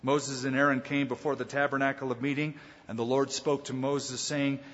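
A man pastor preaching a conversational Bible teaching, with dramatic pauses and voiced quotes. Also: medium pitch, little pitch movement, fairly bright tone. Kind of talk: sermon. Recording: dull lo-fi sound with long hall reverb.

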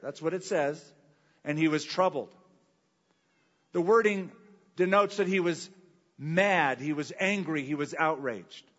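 A man preaching a sermon, reading scripture and asking rhetorical questions with dramatic pauses. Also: high-pitched, a bit bright, long reverb tail, highs cut off. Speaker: pastor.

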